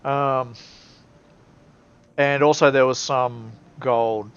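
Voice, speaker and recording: A man's voice: medium pitch, steady tone, very slow, a bit bright, clear, resonant tone. A man acting as game master in a casual tabletop session, chatty and explaining the rules to viewers. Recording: dull lo-fi recording.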